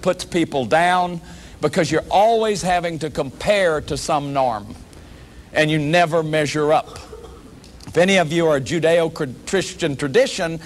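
A man giving an earnest counseling lecture, talking in an emphatic way and often repeating words for emphasis. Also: fairly high pitch. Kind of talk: emphatic lecture on personal growth.

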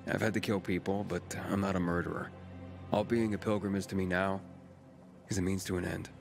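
A weary, reserved wanderer speaks low and deep in a video game. His delivery is even and restrained. Game music runs behind him. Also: fairly quick, vocal fry. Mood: calm. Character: calm, weary male wanderer, adult. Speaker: game protagonist.

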